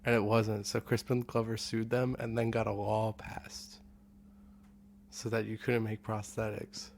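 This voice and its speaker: Playful man with a gravelly voice. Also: fairly low pitch, little pitch movement, unhurried, a little mellow, slight background noise. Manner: playful, joking storyteller. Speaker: podcast guest. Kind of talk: casual chat.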